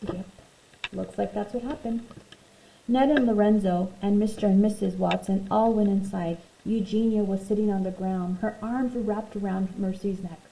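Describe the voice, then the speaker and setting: Female teacher, read-aloud lesson for kids, expressive, gravelly warm tone, roomy echo, faint hiss. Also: medium pitch. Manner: expressive, talks to young pupils between read passages. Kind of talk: reading a picture book aloud to children. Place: home room, virtual class recording.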